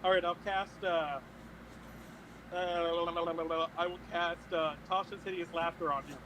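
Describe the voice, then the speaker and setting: High-voiced man playing a tabletop game. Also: level tone, measured pace, a little hiss or hum, low-quality recording. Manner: voices his character in sudden loud high shouts. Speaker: player.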